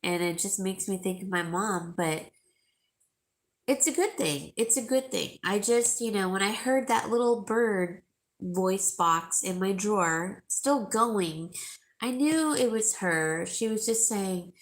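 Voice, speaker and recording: A woman's voice: mid-range voice, takes it slowly. A middle-aged woman hosting a live jewelry sale, chatting emotionally with viewers and calling them by name. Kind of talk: casual chat with viewers.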